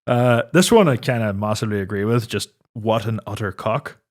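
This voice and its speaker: A man's voice: fairly low pitch, moderate pace. A man co-hosting a podcast, teasing his partner and asking dry questions in casual banter. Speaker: podcast co-host.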